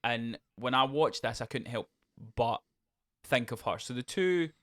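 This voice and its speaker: A young man co-hosting a podcast, chatting excitedly about a film and acting out quotes in voices. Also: medium pitch, unhurried. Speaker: podcast co-host. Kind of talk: casual film review chat.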